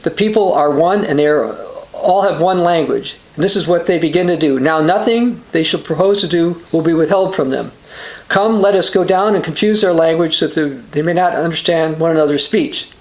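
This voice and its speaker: A man's voice: fairly high pitch, echoey room, poor audio. A man hosting a religious news channel, giving a short sermon as he reads news quotes and scripture aloud, with the odd "uh" and restart.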